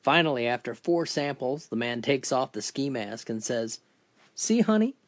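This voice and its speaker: Deadpan man telling dirty jokes. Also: normal speed. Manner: deadpan storytelling, briefly lifting pitch for characters. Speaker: joke teller. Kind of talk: narrated dirty jokes with quick character voices.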